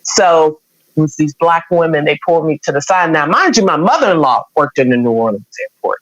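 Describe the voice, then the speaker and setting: A woman's voice: deep voice, expressive, brisk. A woman guest on an interview show, telling a personal story in a candid, conversational way. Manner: candid, conversational, with many quoted exchanges. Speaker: radio program director, podcast guest. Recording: dull, dry sound.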